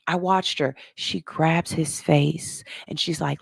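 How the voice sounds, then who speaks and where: A woman hosting a radio show, telling a story to her listeners in a casual, animated way and calling them "y'all". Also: low voice, slow, gravelly, husky, no room sound, clean studio sound. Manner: animated, talks straight to the audience as "y'all"; slips into soft, hushed voices when quoting people.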